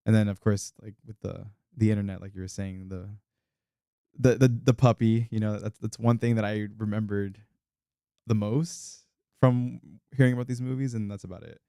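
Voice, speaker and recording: A man co-hosting a casual movie podcast, speaking hesitantly with many pauses and restarts. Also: fairly low pitch, steady tone, vocal fry, warm tone, smooth, dry recording, studio quality.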